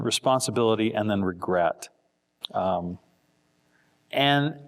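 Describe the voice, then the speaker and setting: Male seminar teacher, lowish voice, plain hesitant delivery with repeated words. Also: a bit bright.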